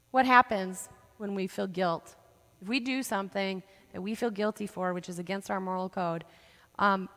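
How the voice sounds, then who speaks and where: A woman counselor giving a presentation at a church, teaching in a lively way and often checking in with "right?". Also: mid-range voice, big-room sound. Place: church hall.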